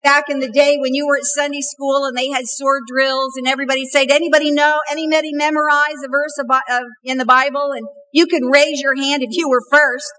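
A middle-aged woman pastor preaches in a high voice. She tells her stories warmly and slows right down to lean on repeated refrains. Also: little pitch movement, slight background noise, rough recording. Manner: slow emphatic refrains, storytelling. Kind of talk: sermon.

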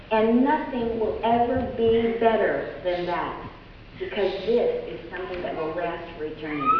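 A woman leading a children's sermon in church, coaxing and gentle as she talks to small children. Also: a little high. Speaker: children's message leader at church. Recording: echoey hall, distant mic, noisy and dull.

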